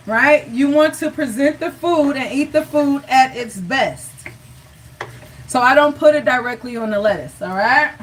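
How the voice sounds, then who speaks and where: A woman's voice: high voice, distant mic, slight background noise, low-quality recording. A woman hosting a live cooking show, chatty and encouraging, talking straight to her viewers.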